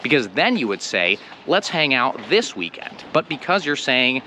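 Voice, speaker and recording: A man with an American accent giving a casual spoken English lesson, slowing down to model example phrases. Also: mid-range voice, sing-song, sharp tone. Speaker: English teacher. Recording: clear street and traffic noise.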